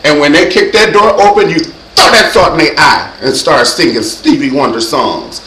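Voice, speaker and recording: A man hosting his own show, giving comedic safety advice in a sassy, animated way and acting out loud yells. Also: fairly high pitch, normal speed, reverberant, rough recording. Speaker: vlog host.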